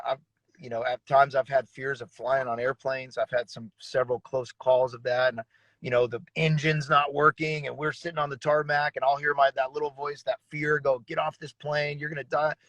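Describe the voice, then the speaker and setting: A man's voice: mid-range voice, little pitch movement, fairly quick, fairly bright tone, no echo, rough recording. A man who is a pastor, sharing an earnest personal testimony in a casual, slangy conversation. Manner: earnest, casual, uses slang like bro and dude.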